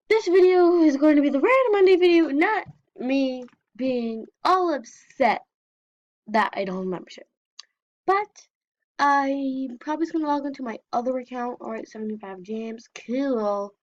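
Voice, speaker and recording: A young woman gives casual, chatty commentary while she plays an online game. Her voice sits high and bright. The recording is dull and a bit lo-fi. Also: lively intonation, a little slow. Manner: chatty, reads game text aloud. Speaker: gameplay vlogger. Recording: dull lo-fi sound.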